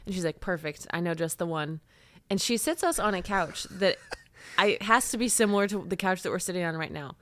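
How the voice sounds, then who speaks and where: A woman co-hosting a casual podcast, telling stories with animated energy and frequent laughter. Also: medium pitch, quick pace, no room sound. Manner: animated storyteller, laughs often. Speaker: podcast co-host. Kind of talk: casual chat. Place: home studio, seated on a couch.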